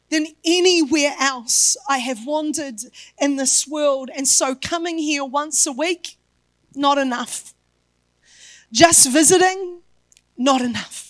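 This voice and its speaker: A woman's voice: sits high, a bit bright, dry recording. A woman pastor preaching a sermon, emphatic and building her points through repetition.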